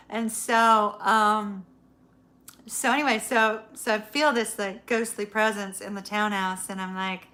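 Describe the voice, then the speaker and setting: Bright, laughing woman telling a story. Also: mid-range voice. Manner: laughs often, swears casually. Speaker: tarot reader, channel host. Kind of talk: casual storytelling chat to live viewers.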